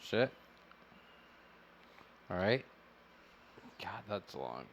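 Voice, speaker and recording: A man's voice: low voice, very animated, drawn-out words, slight background noise. A man co-hosting a casual podcast, reading trivia aloud in a laid-back way and swearing freely. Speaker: podcast co-host, son.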